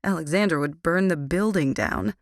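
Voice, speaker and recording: A woman narrating a first-person young adult audiobook in a wry, low-key manner. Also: moderate pace, dry recording, clean studio sound. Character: wry, guarded teenage girl narrator.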